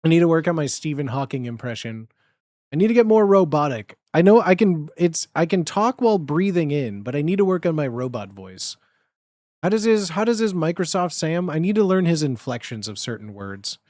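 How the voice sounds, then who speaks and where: A man's voice: on the high side, very animated, a little fast, darkish tone, no echo, studio quality. A young man streaming, chatting casually with rambling, giggly, crude jokes.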